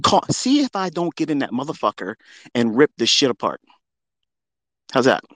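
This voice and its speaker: A man ranting brashly on a trading livestream, boastful and profane, jumping from loud outbursts down to low muttering. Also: big pitch swings, normal speed, no echo.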